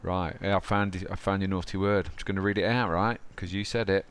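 A man hosting a podcast, enthusiastic and matey, sometimes reading passages aloud slowly. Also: low-pitched, steady tone, slight background noise. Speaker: podcast host. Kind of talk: casual podcast conversation.

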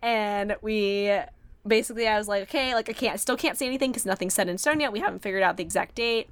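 A woman's voice: mid-range voice, quick pace, smooth, no room sound. Chatty young woman podcast host, dry sound. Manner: animated, quotes herself in excited voices, many fillers. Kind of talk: casual storytelling chat.

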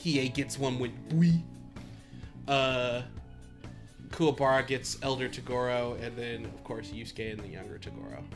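A man co-hosting a podcast in casual chat, animated and laughing often as he quotes lines. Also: mid-range voice, moderate pace, soft background music. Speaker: podcast co-host.

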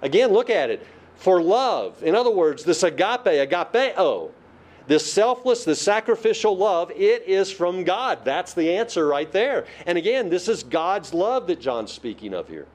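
A male preacher delivering a Bible-study sermon in a slightly higher-than-usual voice. He drives his points home by repeating key phrases, then asks questions aloud and answers them himself. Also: very animated, unhurried, darkish tone.

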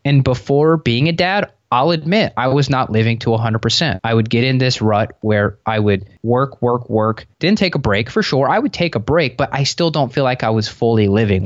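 A man speaking over a remote call, earnest and reflective, spinning long flowing stories in a relaxed chat. His voice sits at an ordinary middle pitch. The audio is slightly muffled and dry. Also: dry recording. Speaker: podcast guest. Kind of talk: relaxed conversational interview.

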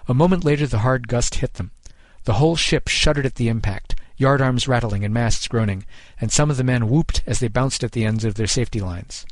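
A man giving measured, scripted narration of a short story, close on the mic. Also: medium pitch, dry recording.

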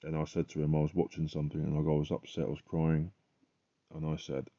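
Male podcaster, booming low voice, preaches with fervent emphasis; muffled home recording. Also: monotone, fairly quick, mellow. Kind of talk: religious testimony monologue.

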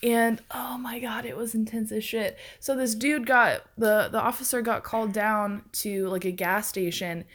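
A woman's voice: on the high side, normal speed, hardly any pauses. Woman telling a story, swearing and laughing. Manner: animated storytelling, laughs often, swears freely. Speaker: storyteller in a casual conversation. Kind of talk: casual chat.

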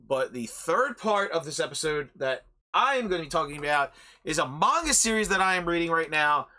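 A man's voice: a little high, expressive, fairly quick, pushed and bright. A young male host talks through his review in a loose, meandering way, cursing freely and leaning on filler words. His voice is keen and cutting, sitting slightly above the usual male range. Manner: profane, rambling, heavy filler words. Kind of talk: casual spoken review.

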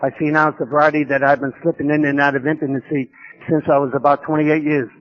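A man's voice: on the high side, flat delivery, quick pace, lo-fi sound. A man from New York, telling his recovery story at a conference in a humorous, self-mocking way with vivid repetition.

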